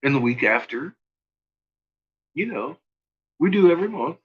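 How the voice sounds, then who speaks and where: A man's voice: fairly high pitch, animated, moderate pace, long pauses, breathy edge, dull audio. A man hosting a casual livestream chat, rambling, swearing freely and laughing often. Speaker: channel host.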